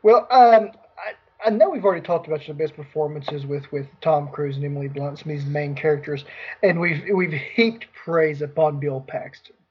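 A husky, slightly higher-voiced man leads a loose movie podcast. He rambles easily between points with plenty of restarts, and the recording sounds dull and lo-fi. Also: normal speed. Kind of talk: casual movie review chat.

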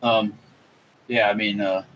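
A man co-hosting a podcast, chatting casually in an animated, rambling way. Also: on the low side, a little slow, lo-fi sound, a little hiss or hum. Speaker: podcast co-host. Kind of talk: casual chat.

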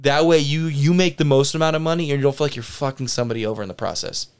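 A man's voice: medium pitch, racing, smooth. A man co-hosting a casual podcast, joking with rambling asides and casual swearing. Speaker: podcast co-host.

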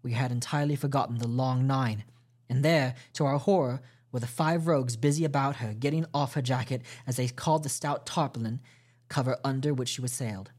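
Man reading a story aloud. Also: mid-range voice. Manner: steady, measured reading with small restarts. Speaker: podcast host reading a novel aloud. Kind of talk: audiobook storytelling narration.

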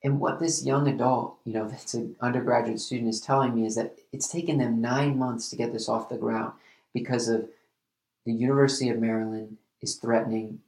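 A man talks earnestly on his podcast in a low-key, fairly flat voice with a gravelly edge. He stops and restarts his sentences often, as if searching for the words. The sound is echoey, as if recorded in a bare room. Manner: earnest, halting with repeated restarts. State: emotional at times. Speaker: podcast host. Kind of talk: reflective solo podcast monologue.

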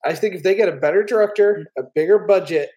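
A speaker giving quick, opinionated takes in a casual film review chat. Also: mid-range voice, dark tone.

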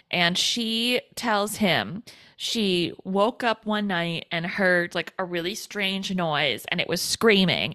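A woman's voice: mid-range voice, pushed and bright, no echo. A woman co-hosting a podcast, chatting casually as she retells a film scene by scene with lots of "like" and quoted lines. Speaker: podcast co-host. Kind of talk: casual movie recap chat.

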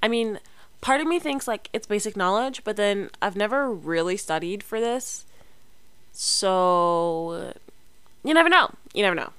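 This vlogger, a young woman, has a medium-pitched, smooth, slightly bright voice and an unhurried pace, recorded without echo. She chats to her camera casually and ramblingly, with lots of fillers, restarts and self-corrections.

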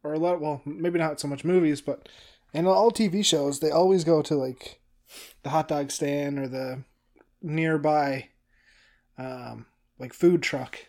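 Male co-host, slightly high voice, relaxed and self-deprecating. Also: measured pace. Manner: easygoing, laughs often, hedging. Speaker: podcast co-host. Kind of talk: casual podcast chat.

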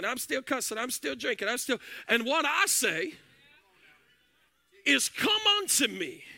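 A man preaching a fiery sermon from a church platform, shouting and half-singing his phrases. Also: extremely high pitch, creaky, no room sound. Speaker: pastor. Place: church sanctuary.

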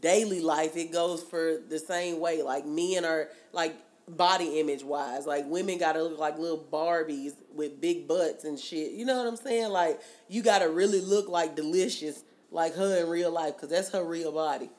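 A woman's voice: low voice, steady tone, moderate pace, few pauses, darkish tone. A woman, co-hosting a podcast in casual, gossipy chat. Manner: gossipy, laughing, reads quotes aloud. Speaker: podcast co-host.

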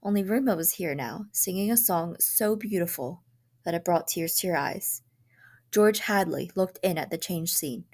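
A woman narrating a short story aloud in a calm, measured way. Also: fairly low pitch. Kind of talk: storybook reading.

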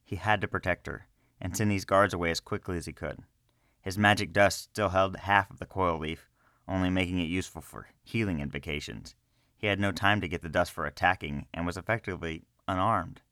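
A man reading a fantasy story aloud in a slow, measured way. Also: sits low, fairly even intonation, sharp tone, no room sound, clean studio sound. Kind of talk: scripted narration of a fantasy story.

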